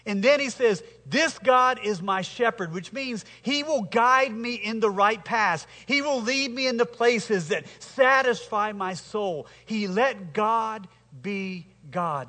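A man preaching a sermon as pastor, speaking slowly and emphatically and calling the congregation to repeat lines after him. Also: high voice, pushed and bright, in a large hall. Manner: slow, emphatic preaching with congregation call-and-response.

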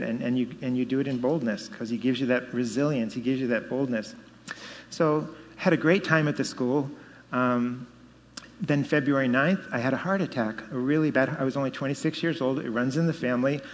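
A middle-aged man tells his story of faith in a lively, storytelling way, his voice rising when he stresses a point. His voice sits at an ordinary pitch and carries a long reverb, as if he were speaking in a large hall. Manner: animated storytelling with laughs and rising emphasis. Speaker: speaker giving testimony. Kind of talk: personal testimony.

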